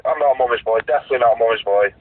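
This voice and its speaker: A man's voice: mid-range voice, very fast, dry recording. A man co-hosting a podcast over a phone call, rambling and stammering in a casual chat. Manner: rambling, stammering, laughs easily. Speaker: podcast co-host. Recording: tinny phone line, dry.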